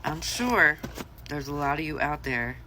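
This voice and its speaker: A woman's voice: deep voice, lively intonation, a little slow, noisy background. A woman vlogger telling a casual storytime monologue, chatty and blunt, swearing freely.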